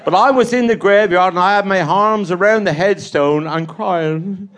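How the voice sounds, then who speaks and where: A man's voice: high-pitched, normal speed, fairly bright tone. A man with a Cornish accent telling bawdy, rambling stand-up stories and chuckling at his own jokes. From Cornwall. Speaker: stand-up comedian. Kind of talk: live stand-up storytelling.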